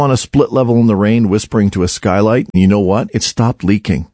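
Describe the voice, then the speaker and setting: A man tells a comic roofing story with a gravelly, husky voice and swings widely in pitch. The read sounds dry and close. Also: big pitch swings, a little fast, hardly any pauses, warm tone, no echo. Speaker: comic ad narrator. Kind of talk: scripted comedy radio ad.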